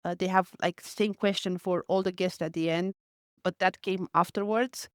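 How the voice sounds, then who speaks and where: A podcaster with a smooth, clear voice at a middle pitch, thinking aloud in a careful, slightly hesitant way and stopping to correct words. The recording is close and dry. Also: fairly even intonation, normal speed, no room sound. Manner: thoughtful, a little hesitant, self-correcting. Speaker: podcast host receiving advice. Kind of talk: casual interview reply.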